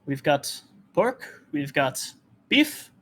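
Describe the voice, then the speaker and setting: A man's voice: on the high side, sing-song, drawn-out words, fairly bright tone, slight background noise, exaggerated voice. A man voicing a hospitable male shopkeeper who chats and stammers a little. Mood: welcoming. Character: friendly male shopkeeper in a small town.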